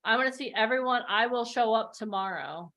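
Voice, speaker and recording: A woman's voice: a little high, fairly quick, fairly bright tone. A woman hosting an online bootcamp for actors and models, coaching over a video call in a passionate, emphatic way. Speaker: acting and modeling bootcamp host. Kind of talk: live online motivational coaching.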